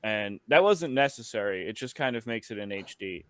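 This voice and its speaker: A man playing a tabletop game, calmly describing his character's actions. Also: on the low side, moderate pace. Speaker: player.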